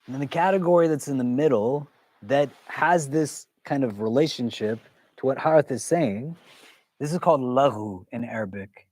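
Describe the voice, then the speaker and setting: A man's voice: mid-range voice, lively intonation, moderate pace, a little mellow, no echo. A man teaching a religious class, talking conversationally and often putting questions to the audience. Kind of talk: interactive religious lesson.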